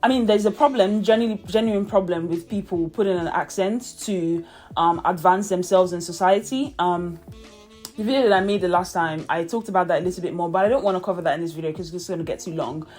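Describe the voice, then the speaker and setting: A woman's voice: on the low side, fairly quick, a little mellow, soft background music. A young woman from Nigeria who speaks with a British English accent, talking casually and thoughtfully to camera as a vlogger, with many fillers and light laughs. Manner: chatty and reflective, with frequent fillers and laughs. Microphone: camera mic, talking to camera.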